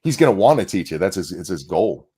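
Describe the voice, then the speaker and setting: A man's voice: low-pitched, very animated, fast, warm tone, breathy edge. A man co-hosting a podcast in casual chat, sardonic and profane, with frequent sighs. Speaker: podcast co-host.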